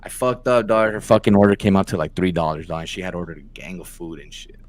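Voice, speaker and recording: A man's voice: low voice, steady tone, quick pace. A young man co-hosting a podcast, telling a story in casual chat, slangy and profane. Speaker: podcast co-host.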